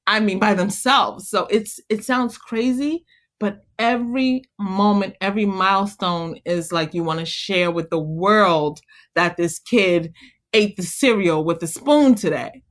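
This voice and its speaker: A woman who is a mother appears as a guest in a conversational interview, talking earnestly about motherhood. She speaks a little slowly in a mid-range voice, sounding encouraging and growing animated when she gets into stories.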